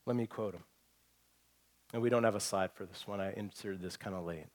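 A man's voice: lowish voice, fairly quick. Earnest man preaching a sermon. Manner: earnest, animated preaching with frequent restarts. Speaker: pastor.

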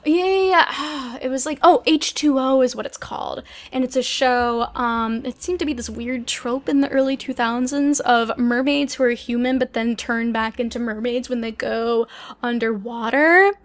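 High-voiced, animated woman podcast host. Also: moderate pace. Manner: animated, joking, swings into loud exclamations. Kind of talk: casual chat.

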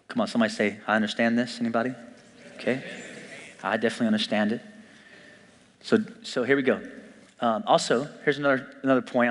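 A man preaching a sermon as pastor, conversational and animated, joking with his congregation. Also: medium pitch. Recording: long church hall reverb.

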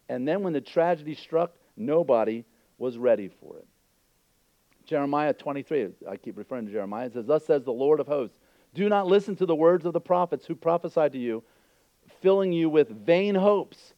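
A man's voice: fairly high pitch, lively intonation, brisk, dry recording, lo-fi sound. A man preaching an earnest, emphatic sermon as pastor, with frequent asides to the congregation.

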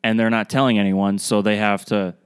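A man's voice: lowish voice, little pitch movement, brisk, clear, resonant tone, no room sound, clean studio sound. A man co-hosting a podcast, speaking earnestly and sincerely in casual conversation. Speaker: podcast co-host. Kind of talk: casual chat.

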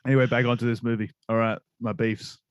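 A young Australian man from Perth airs his gripes bluntly in a relaxed podcast chat, with plenty of swearing. His voice has an everyday middle pitch. The sound is dry and close. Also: quick pace, no echo, highs cut off. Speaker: podcast guest. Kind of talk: casual chat.

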